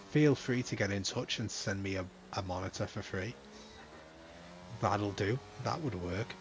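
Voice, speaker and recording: A man's voice: fairly low pitch, noisy background. A man hosting a racing league stream in a casual, joking manner, swearing freely. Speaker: league host and commentator. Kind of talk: casual live-stream commentary.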